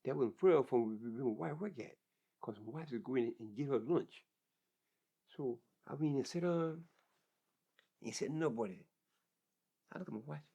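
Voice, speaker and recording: A man's voice: medium pitch, moderate pace, pauses often, mellow. An older man telling his life story in an interview, plain-spoken and vivid, often repeating words as he goes. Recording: dull lo-fi recording.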